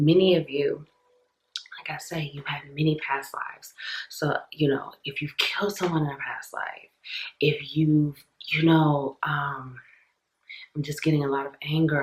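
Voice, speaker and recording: A woman hosting a tarot reading, talking softly and earnestly to her viewers, often dropping near a whisper. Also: sits low, low-quality recording. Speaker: tarot reader, channel host.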